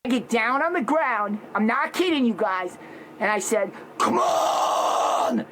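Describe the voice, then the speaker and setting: A man telling a story loudly and dramatically, acting out shouts and growls. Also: very high voice, expressive, moderate pace, a little hiss or hum, poor audio. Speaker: social media personality. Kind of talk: animated storytelling.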